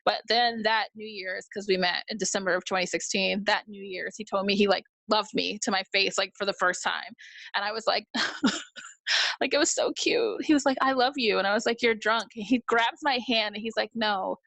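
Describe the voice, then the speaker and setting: A woman from New York, a guest on a video call, telling a story in animated casual chat, acting out quotes and laughing often. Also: medium pitch, normal speed, creaky, no echo.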